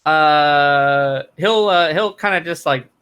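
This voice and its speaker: A man narrating a tabletop game as dungeon master, in a halting way with many fillers and restarts. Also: on the high side, sharp tone, clean tone.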